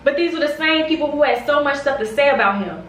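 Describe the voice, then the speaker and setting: A woman's voice: sits high, lively intonation, fast talker, a bit bright, distant mic, a little hiss or hum. Heated young woman vlogger, roomy echo. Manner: heated, repetitive, confrontational. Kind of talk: direct-to-camera storytime rant.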